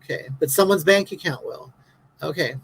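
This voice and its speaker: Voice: medium pitch, normal speed, husky, poor audio. A livestream host in their fifties talks straight to viewers, reading their comments aloud between long rants. The delivery is blunt and sarcastic. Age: 50s.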